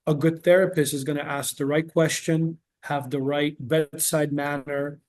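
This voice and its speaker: A man's voice: fairly high pitch, little pitch movement, normal speed, a little mellow. A man working as a therapist, talking in a casual interview and explaining earnestly with patient examples.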